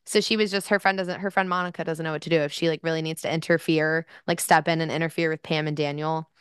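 A woman's voice: sits low, fairly even intonation, fast talker, smooth, dry recording, clean studio sound. A young woman co-hosting a podcast in casual, blunt chat. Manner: blunt, swears freely. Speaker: podcast co-host.

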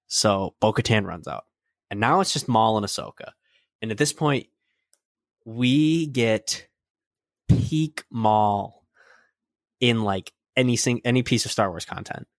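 A young man co-hosting a podcast, retelling a scene in an excited, rambling way full of fillers. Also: lowish voice, no room sound, clean studio sound. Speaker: podcast co-host. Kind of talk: casual fan chat.

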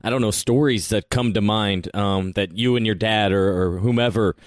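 A male host runs a casual interview and reacts eagerly to his guest's stories. He asks follow-up questions in a relaxed, conversational way. His voice sounds dry and close. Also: fairly low pitch, moderate pace, no room sound. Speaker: sports podcast host, interviewer.

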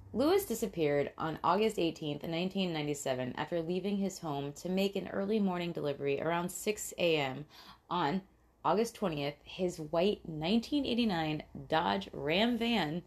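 A young adult woman co-hosting a casual true-crime podcast, chatty and giggly, with lots of fillers and swearing. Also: fairly low pitch. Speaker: podcast co-host.

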